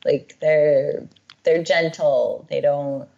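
A woman co-hosting a podcast, chatting in a relaxed, unhurried way. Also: low-pitched, gravelly, muffled recording. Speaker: podcast co-host. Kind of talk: casual chat.

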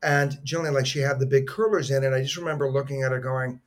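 Talking fast in a mid-range voice, a middle-aged man on a podcast spins conversational stories. He's sincere and heartfelt, wandering off track and starting sentences over as he goes.

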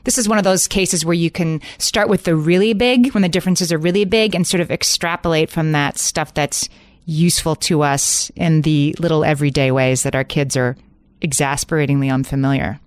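A middle-aged woman co-hosting a podcast talks things through in a thoughtful, explanatory way. Her voice is slightly low. She is recorded dry and close on a studio mic. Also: brisk, no echo. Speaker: podcast co-host. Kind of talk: casual conversation.

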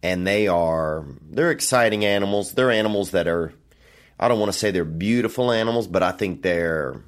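A podcast host with a low voice talks at a normal speed, recording solo from a hotel room. He rambles and meanders through his thoughts, with frequent fillers and casual swearing.

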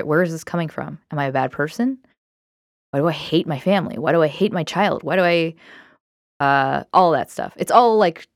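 A woman's voice: low voice, clear, resonant tone, dry recording, clean studio sound. A woman giving casual, candid self-help advice on emotions, talking conversationally with frequent fillers.

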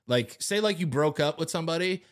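A man co-hosting a casual podcast chat, loose and profane, who slips into goofy high voices when he quotes someone. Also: expressive, fairly quick. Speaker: podcast co-host.

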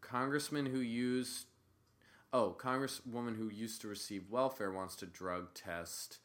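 A young man co-hosting a podcast in a loose, sarcastic way. He swings from sudden loud outbursts to quiet mumbles, with an ordinary mid-range voice. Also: medium pitch, steady tone, measured pace. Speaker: podcast co-host. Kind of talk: casual chat.

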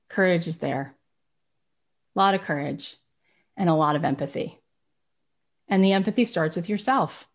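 A middle-aged woman hosting a podcast, giving a motivational talk and telling stories with lively, acted-out quotes. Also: fairly low pitch. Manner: animated storyteller, acts out quoted voices. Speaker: podcast host.

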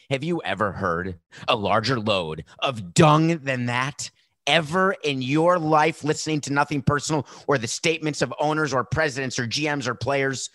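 A man's voice: mid-range voice, moderate pace, fairly bright tone, no room sound, studio quality. A man hosting a sports talk show, delivering a sarcastic, mocking commentary monologue.

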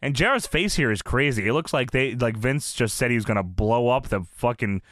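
A man's voice: medium pitch, lively intonation, brisk, fairly bright tone, dry recording, studio quality. A young man hosting a podcast, recapping wrestling in casual comedic chat, laughing often and acting out what was said.

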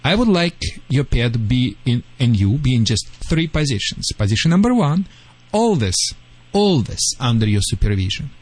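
A man with a Russian accent, a dog trainer on a call-in radio show, giving lively advice in slightly broken English. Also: mid-range voice, moderate pace, poor audio. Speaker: dog trainer answering callers.

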